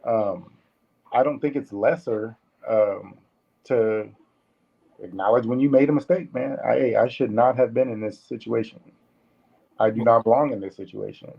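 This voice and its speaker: A man on a casual podcast panel who speaks in a measured way, with many fillers and repeats. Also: medium pitch, creaky, husky, lo-fi sound. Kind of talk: casual debate among friends.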